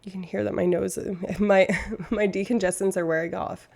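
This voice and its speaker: A woman's voice: medium pitch, steady tone, normal speed, creaky, a little mellow. A woman from Canada, a streamer chatting casually and rambling, laughing often at herself. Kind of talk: casual chat.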